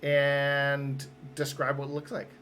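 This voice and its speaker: A man's voice: mid-range voice, monotone, slow, a bit bright, a little hiss or hum. A man running a tabletop roleplaying game as game master, upbeat and patient as he explains the rules step by step.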